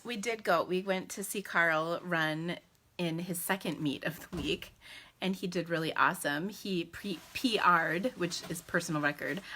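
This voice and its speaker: A bubbly woman in her forties chats live from her home into her phone camera. Her voice is bright and forward, and she talks in a loose, friendly way, laughing often between her thoughts. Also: low-pitched, a little hiss or hum. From United States. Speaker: crafting live-stream host. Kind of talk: casual live-stream chat. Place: at home indoors. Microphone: phone camera in selfie mode.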